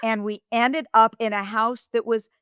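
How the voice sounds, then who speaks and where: Bright, smiling woman podcast host. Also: a little high, flat delivery, normal speed, clean tone, dry recording, clean studio sound. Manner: warm, encouraging, smiling as she talks. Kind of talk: interview conversation.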